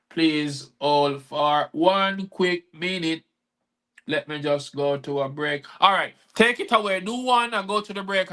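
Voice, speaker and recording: A man's voice: on the high side, bright, forceful tone. A man hosting a live-stream chat who performs his spoken-word poetry in a rhythmic delivery. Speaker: host and poet.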